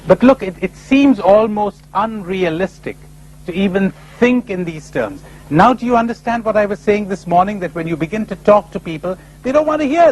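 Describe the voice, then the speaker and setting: At a spiritual retreat conference, an animated, high-pitched man gives a lively, rhetorical talk at normal speed, acting out imagined voices. The audio is poor, with slight background noise.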